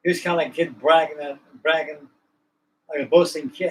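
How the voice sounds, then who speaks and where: A man's voice: fairly high pitch, fairly even intonation, a little fast, a bit bright, slight background noise, low-quality recording. A man hosting a livestream, chatting casually in a folksy, rambling, colloquial way. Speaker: livestream host. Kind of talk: casual chat.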